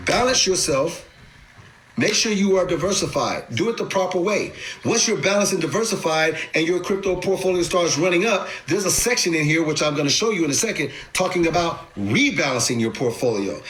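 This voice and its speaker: A man with a fairly high, bright, forceful voice talks emphatically in a street-casual way. He explains things directly to his audience and now and then jumps up into sudden high, panicked impressions of other investors. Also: lively intonation, a little fast, a little hiss or hum, low-quality recording. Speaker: crypto investing host. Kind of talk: animated instructional talk to camera.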